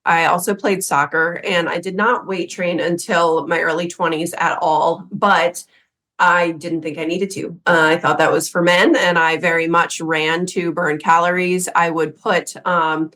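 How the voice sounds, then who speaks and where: A woman in her thirties talks casually on a podcast, candid and quick to poke fun at her younger self. Her voice sits a little low, and she acts out her past thoughts in quoted asides. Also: steady tone, fairly bright tone. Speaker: podcast co-host.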